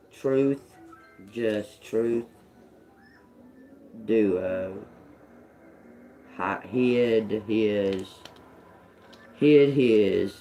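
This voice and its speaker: With a very deep, dark-toned voice, a woman reads tarot live on stream. Her style is to reason aloud, echo lone words under her breath, speak bluntly with plenty of profanity, and laugh softly often.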